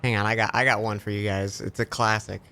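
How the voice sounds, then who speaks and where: A man's voice: lowish voice, little pitch movement, fast, pushed and bright, slight background noise. A man chatting on a live gaming stream, telling a long joke with lots of stammered restarts. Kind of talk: casual live-stream chat while gaming.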